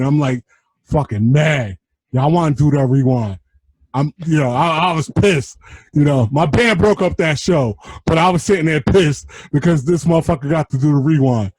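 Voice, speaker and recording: A man from New telling stories in a casual chat, animated and profane, acting out what people said. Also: a little high, no room sound. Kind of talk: casual storytelling.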